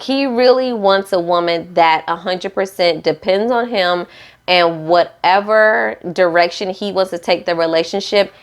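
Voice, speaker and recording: Young woman with a lowish voice, chatty and sassy, doing a casual TV recap. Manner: chatty, sassy, quotes people in playful voices. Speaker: reality TV recap vlogger.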